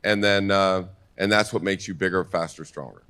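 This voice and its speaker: A man's voice: low-pitched, steady tone, normal speed, bright, forceful tone, smooth. A man panelist giving blunt, punchy advice.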